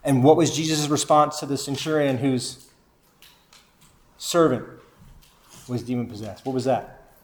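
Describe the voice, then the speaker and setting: A man's voice: mid-range voice, fairly even intonation, measured pace, long pauses, slight background noise. A man teaching a Bible lesson to a group, reading scripture aloud and asking the listeners questions. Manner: asks the group questions and repeats their answers.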